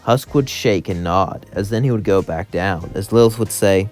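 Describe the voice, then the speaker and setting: A man's voice: on the low side, normal speed, few pauses, a little mellow. A man telling a fan-fiction story in run-on narration, stringing events together and quoting the characters' lines. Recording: faint music underneath.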